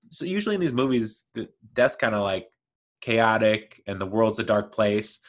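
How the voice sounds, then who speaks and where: A man casually talking through favorite scenes, rambling with lots of fillers and restarts. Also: on the low side. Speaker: host. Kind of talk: casual movie talk.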